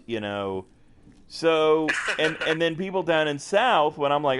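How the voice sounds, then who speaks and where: A man's voice: on the high side, lively intonation, measured pace, fairly bright tone, slight background noise. A young American man streaming a game, chatting casually and rambling with lots of fillers and restarts. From United States. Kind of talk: casual gameplay chat.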